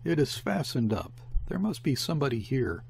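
Guy reading as a blunt suspicious convict, gravelly, a bit husky. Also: mid-range voice, sing-song, normal speed, darkish tone, full character voice. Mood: wary. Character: gruff wary male convict.

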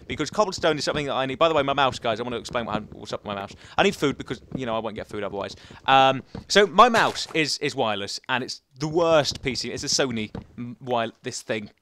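Excitable rambling young man gaming. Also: medium pitch, fast talker, a little hiss or hum. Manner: rambling and excitable, talks to the game animals. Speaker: gaming YouTuber. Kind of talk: chatty gameplay commentary.

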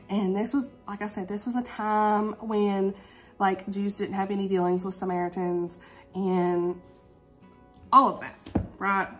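Lady book vlogger chatting to her camera at home, heartfelt and talky, soft music faintly under her. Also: mid-range voice. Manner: warm, heartfelt, chatty with Southern "y'all" and "honey". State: tearful, emotional. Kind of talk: casual reading vlog, talking to camera.

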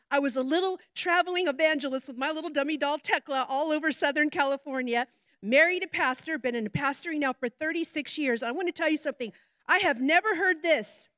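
Middle-aged woman preaching, high voice, animated storytelling, dry close sound. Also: no echo. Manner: animated storytelling, chatty asides. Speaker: pastor's wife and preacher. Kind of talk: sermon.

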